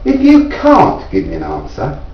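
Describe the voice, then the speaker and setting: A man from England, a self-taught inventor, earnestly explaining his device and insistently challenging viewers to prove it wrong, rising in pitch as he pleads. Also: wildly swooping pitch, unhurried. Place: indoors at home. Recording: echoey room, distant mic, dull lo-fi sound.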